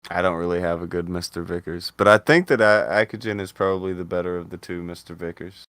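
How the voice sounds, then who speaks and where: A man's voice: low-pitched, fairly even intonation, quick pace, a bit bright, no room sound, clean studio sound. A man hosting a casual chat show, laid-back, running a viewer poll and swearing now and then. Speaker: podcast host.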